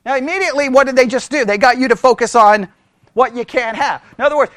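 Energetic Bible study teacher, dry sound. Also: sits high, fast talker, no echo. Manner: asks the listeners questions and checks in with "right?"; energetic, thinking aloud with restarts.

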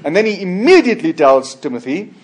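A man preaching a sermon as a pastor, emphatic, with sudden loud high bursts, quiet trailing endings and frequent restarts. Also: big pitch swings, a little fast. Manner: frequent restarts and repeated words. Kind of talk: expository sermon.

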